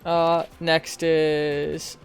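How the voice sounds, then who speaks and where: A man's voice: on the high side, completely flat delivery, extremely slow, vocal fry, clear, resonant tone, faint music behind. A man streaming a game live, chatting casually and informally, swearing now and then.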